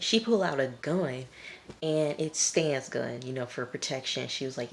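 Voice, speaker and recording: A woman's voice: extremely low pitch, brisk, gravelly, slight background noise. A woman chatting straight to her viewers as she recaps a TV episode, scolding the characters as she goes. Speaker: TV episode reviewer. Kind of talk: casual episode recap to camera. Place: at home late at night.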